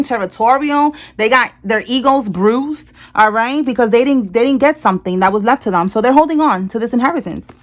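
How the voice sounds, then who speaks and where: Tarot reader, woman, a little high, blunt and emphatic, swears casually, chatty delivery. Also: a bit bright. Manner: blunt, emphatic, swears freely, repeats "all right?". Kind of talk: casual tarot reading to viewers. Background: people talking in the house.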